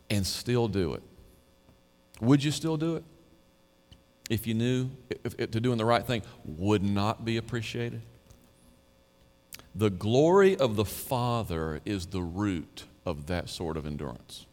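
A man's voice: lively intonation, unhurried, pauses often. Emphatic male pastor in an echoing hall. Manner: emphatic, conversational preaching, swings to quiet and low. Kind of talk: sermon. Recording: reverberant hall.

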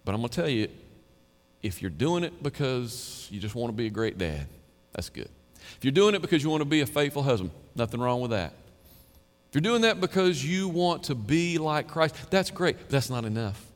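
A male pastor preaching with emphatic, conversational energy, his voice pitched in a middle register. He sometimes sinks to a low hush. A long reverb trails his words through a large hall. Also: big pitch swings, brisk. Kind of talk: sermon.

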